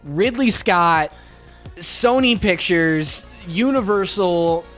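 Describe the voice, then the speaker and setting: A man's voice: high voice, expressive, slow, fairly bright tone, soft background music. Sarcastic ranting podcast co-host man. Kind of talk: casual movie podcast chat.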